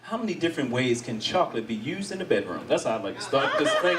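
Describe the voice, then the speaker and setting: Talking fast with hardly any pauses, this medium-pitched man is recorded far from the mic under heavy background noise. He's a middle-aged stand-up from the United States doing animated crowd work, laughing often and acting out others' voices.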